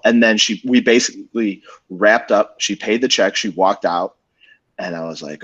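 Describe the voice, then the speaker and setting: A man's voice: fairly low pitch, moderate pace, a bit bright, slightly rough. A young man co-hosting a casual podcast, telling a dating story with swearing and acted-out dialogue. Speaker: podcast co-host. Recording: dull lo-fi podcast audio.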